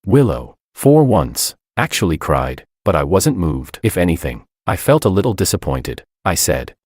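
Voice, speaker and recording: A man calmly narrating a dramatic first-person story in a cool, sardonic way. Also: sits low, moderate pace, no room sound, studio quality.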